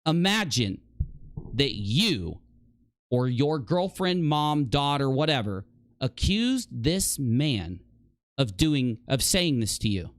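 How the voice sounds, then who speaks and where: A man's voice: medium pitch, sing-song, slow pace, no room sound, clean studio sound. A man delivering indignant commentary as a vlogger, emphatic and accusatory, repeating points for effect.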